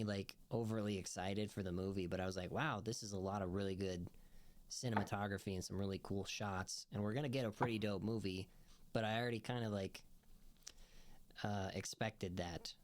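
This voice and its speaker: A man co-hosting a casual podcast, reacting quickly and laughing easily. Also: fairly low pitch. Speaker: podcast co-host. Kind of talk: casual chat.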